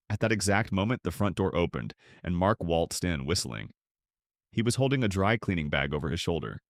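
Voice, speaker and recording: A man's voice: deep voice, sing-song, brisk, no echo, clean studio sound. An older man narrating a tense first-person drama in a clipped storytelling voice.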